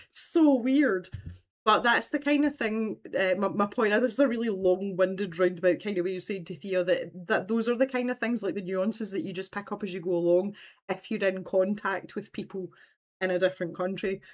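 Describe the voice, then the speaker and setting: A woman chats casually as she hosts a craft livestream. She tells long, roundabout stories in an easy, conversational way and reads out comments from her viewers. Her voice sits at a middle pitch. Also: fairly quick. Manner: rambling, chatty storytelling, reads out viewer comments.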